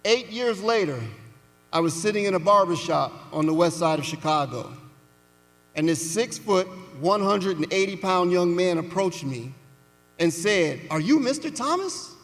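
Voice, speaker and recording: A man giving a commencement speech, telling a story slowly and deliberately with pauses for weight, in a large indoor arena. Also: sits high, fairly bright tone. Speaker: commencement speaker. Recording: reverberant arena sound.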